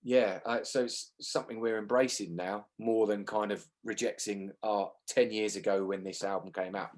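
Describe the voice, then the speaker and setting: Animated London man, lead singer. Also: lowish voice, moderate pace. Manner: animated, swears freely, acts out quoted voices. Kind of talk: casual radio interview.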